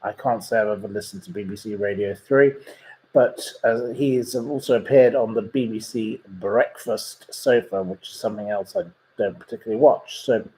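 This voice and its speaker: A man's voice: on the low side, normal speed, warm tone, poor audio. A man hosting a casual chat podcast, rambling through recommendations with many ums and gossipy asides. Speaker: podcast host.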